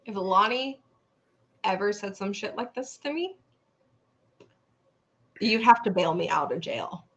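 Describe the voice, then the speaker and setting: A woman's voice: medium pitch, animated, unhurried, pauses often, fairly bright tone. A young woman co-hosting a podcast, casually retelling a story she saw online, acting out the people in it and swearing freely. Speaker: podcast co-host.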